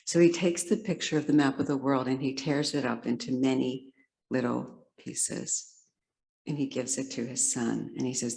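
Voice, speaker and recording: A woman speaks from the pulpit as guest speaker, telling a story as a sermon. She brings expression to the telling and voices the characters in the quotes. Her voice has a gravelly, creaky texture. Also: extremely low pitch, normal speed, dark tone, poor audio. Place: congregation sanctuary.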